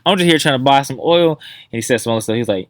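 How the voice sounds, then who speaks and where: A man in his middle range of pitch, telling stories with lots of acted-out voices and loose swearing. The sound is dry and close, with no room behind it. It comes across as relaxed podcast banter among friends. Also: rapid-fire, no room sound. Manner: animated storyteller, acts out quotes, swears freely. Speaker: podcast co-host. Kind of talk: casual chat.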